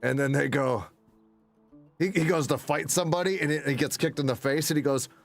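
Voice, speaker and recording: Slightly high and slightly fast, with vocal fry and faint music behind, this gaming streamer offers casual commentary while he plays. His talk wanders, he curses without restraint, and he cracks himself up with his own anecdotes.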